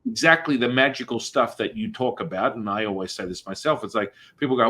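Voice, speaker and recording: Male host, mid-pitched voice, meandering and reflective spiritual chat. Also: a little fast, hardly any pauses, pushed and bright, husky. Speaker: podcast host. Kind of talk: spiritual conversation.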